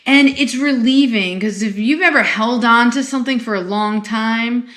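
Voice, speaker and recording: A woman psychologist co-hosting a podcast, talking in an animated, emphatic way with frequent rhetorical questions. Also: fairly high pitch, moderate pace. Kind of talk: casual conversational chat.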